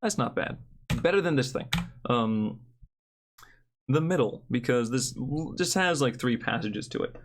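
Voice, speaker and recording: A man's voice: medium pitch, expressive, unhurried, long pauses, slight background noise. A young man giving a casual, joking card review with blunt opinions.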